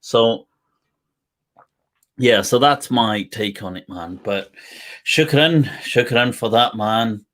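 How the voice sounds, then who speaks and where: Slow, laid-back man hosting a live chat. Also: mid-range voice, a bit bright. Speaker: host. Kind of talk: casual live-stream chat.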